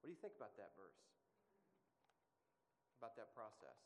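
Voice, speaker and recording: A man's voice: lowish voice, huge pitch swings, moderate pace, a little hiss or hum. A man teaching a Bible study to a class, asking them questions and stressing his points. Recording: long hall reverb.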